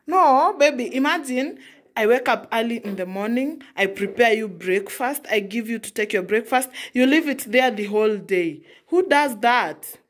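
A woman's voice: on the high side, lively intonation, normal speed. A young mother from Africa scolding her child at home, exasperated, repeating herself. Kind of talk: casual scolding vlog.

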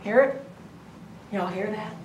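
A woman dog groomer giving casual running commentary while she works, chatty and softly cooing to the dog. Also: mid-range voice, slow, background noise. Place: grooming salon. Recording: echoey room, mic at a distance.

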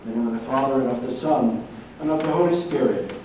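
Earnest preacher in an echoing church. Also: male voice, medium pitch, darkish tone, slight background noise. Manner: storytelling preacher, measured and earnest. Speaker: pastor. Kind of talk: sermon. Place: large church hall. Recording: echoey church recorded from far off.

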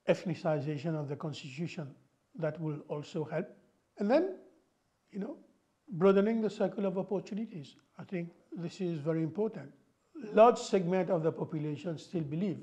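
A man's voice: a little high, warm tone. Emphatic Mauritian man explaining policy. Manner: emphatic, explanatory, peppers speech with "you know". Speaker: guest, former finance minister. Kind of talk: interview.

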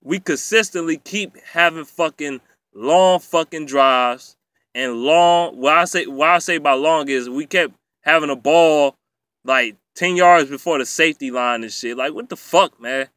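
Dude going off about his team, cussing nonstop, bright sharp voice, dry close mic. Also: on the high side, measured pace, no echo. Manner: profane, heated, repetitive rant. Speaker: sports fan ranting. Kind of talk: angry sports rant vlog.

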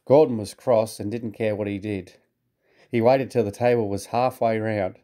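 Mellow British man reading a storybook. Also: on the low side, fairly even intonation, moderate pace. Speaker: narrator.

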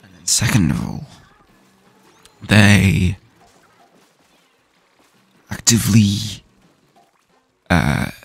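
A man's voice: fairly low pitch, lively intonation, drawn-out words, vocal fry, pauses often, slightly rough, no echo, soft background music. A young man from the UK ranting casually and swearing while playing a game, with frequent restarts. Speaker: gaming streamer. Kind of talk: casual rant while gaming.

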